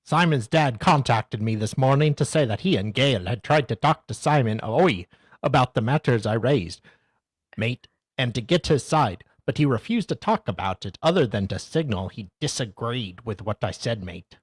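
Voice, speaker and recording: A man hamming up a husky, broad ocker Aussie bloke. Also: mid-range voice, lively intonation, normal speed, no echo. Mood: mocking. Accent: put-on exaggerated Australian. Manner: tacks "mate", "oi" and "eh" onto every line. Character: boisterous ocker Aussie bloke reading out texts. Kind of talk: comic mock reading of text messages.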